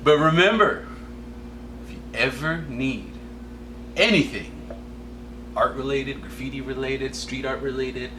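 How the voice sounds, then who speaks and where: A man's voice: mid-range voice, a little slow, long pauses, bright, forceful tone, slight background noise. A man demonstrating art supplies in a warehouse, talking in a laid-back, slangy, joking way. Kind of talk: casual demo video talk.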